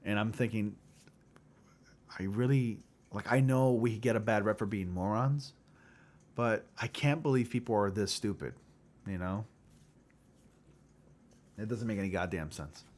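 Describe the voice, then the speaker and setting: A man's voice: fairly low pitch, measured pace, pauses often. A man hosting a casual livestream chat, rambling with lots of filler words and chuckling often. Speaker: livestream host.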